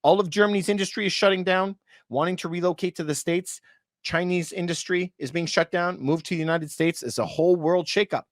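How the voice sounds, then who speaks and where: A man's voice: high-pitched, steady tone, brisk, no echo, clean studio sound. A man, hosting a casual commentary video for viewers and talking in an emphatic, repetitive way. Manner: emphatic and repetitive, often calls things unbelievable. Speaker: real estate video host.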